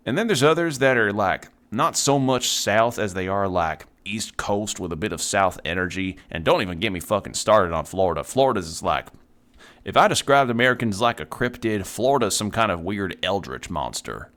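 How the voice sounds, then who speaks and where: A man's voice: lowish voice, big pitch swings, moderate pace, a bit bright. A man streaming a video game, chatting casually and rambling between thoughts, with the odd swear word. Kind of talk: casual chat while playing a video game.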